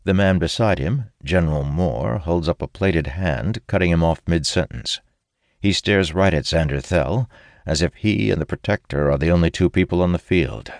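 A man giving steady, measured first-person narration of a fantasy audiobook. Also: sits low, no room sound, studio quality.

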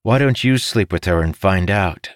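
A man voicing a young male conjurer in an audiobook, defensive and earnest, a little above his own deep voice. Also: expressive, normal speed, dry recording, studio quality. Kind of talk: audiobook character voice.

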